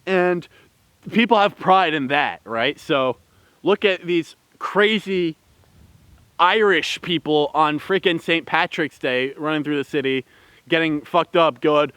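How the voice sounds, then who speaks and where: A man's voice: a little high, slow pace, a bit bright, smooth, no echo. A man giving a rambling, heated opinion commentary with many fillers and restarts. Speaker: vlogger.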